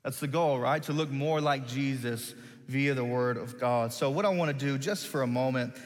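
A man's voice: medium pitch, normal speed. A man, preaching as a pastor and telling a self-deprecating, folksy story in a large church hall. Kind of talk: sermon with personal story.

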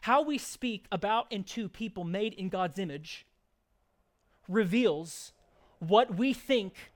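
A man's voice: high voice, expressive, slow pace. A man preaching a sermon, earnest, shifting into chatty asides and playful acted examples. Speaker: pastor.

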